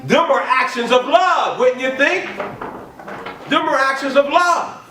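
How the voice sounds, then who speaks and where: High-voiced preacher man, echoey room. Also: unhurried, slight background noise. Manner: repetitive, emphatic preaching that builds to shouts. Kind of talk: sermon. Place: church or ministry hall. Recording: echoey room from a distant mic.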